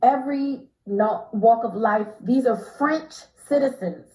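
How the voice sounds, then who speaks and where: American woman telling a lively story. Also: unhurried, echoey room, rough recording. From United States. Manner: emphatic, laughing, swings from low to high pitch. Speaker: interview guest. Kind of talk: animated storytelling.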